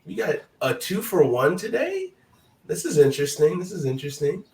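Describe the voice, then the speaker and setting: A man hosting a casual sports talk stream, his voice hoarse, talking in a loose, hyped-up, chatty way. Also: on the high side, huge pitch swings, normal speed, darkish tone, roomy sound, far from the mic, rough recording. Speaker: host.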